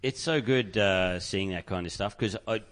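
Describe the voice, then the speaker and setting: Hesitant bright-voiced man in his thirties. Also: lowish voice. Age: 30s. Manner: hesitant, halting, full of fillers. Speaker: comedian podcast host. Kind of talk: casual chat.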